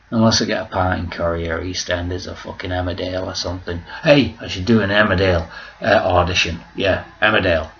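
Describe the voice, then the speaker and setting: A man's voice: low-pitched, fairly bright tone, highs cut off, a little hiss or hum. A man vlogging at home, rambling through a joking, self-mocking monologue full of swearing.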